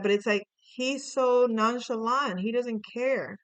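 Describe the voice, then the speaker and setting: A woman's voice: a little high, fairly even intonation, a little slow, few pauses, smooth, dull audio. A woman doing a casual tarot reading, rambling with lots of fillers and restarts, swearing now and then. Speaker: tarot reader.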